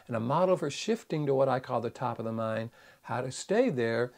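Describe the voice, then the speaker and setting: A man who works as a psychologist, giving a conversational, animated teaching talk to camera in a folksy way. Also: medium pitch, gravelly. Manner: animated, acts out little parent-child dialogues. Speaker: psychologist and speaker.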